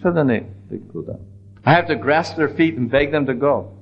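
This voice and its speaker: Male preacher-storyteller, animated delivery, restarts often, slightly high pitch. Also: a little fast, dull audio. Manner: animated retelling with many restarts. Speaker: religious storyteller. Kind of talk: devotional story sermon.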